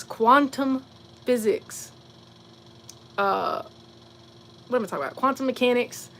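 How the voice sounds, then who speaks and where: A woman's voice: mid-range voice, a bit bright, a little hiss or hum. A woman from Virginia hosting a casual livestream, musing reflectively and answering viewers' comments directly. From Virginia, USA. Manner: reflective, talks straight to chat, quick asides and fillers. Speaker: livestream host.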